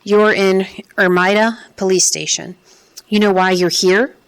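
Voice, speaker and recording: Woman doing a weary, slow-talking interrogator man. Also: medium pitch, fairly even intonation, clean tone, close to an everyday voice. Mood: menacing. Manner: slow, weary, coaxing questions. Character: tired, sweaty, menacing male police interrogator.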